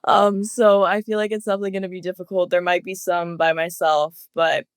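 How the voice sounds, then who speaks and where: A young woman of twenty from Los Angeles sits as a podcast guest, her voice smooth and resonant. She giggles a lot and strings her thoughts together with plenty of "like", relaxed and chatty. The sound is close and dry. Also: lowish voice, a little fast, dry recording. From Los Angeles, USA. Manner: giggly, laughs often, heavy use of "like". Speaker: guest footballer. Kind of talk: casual podcast interview.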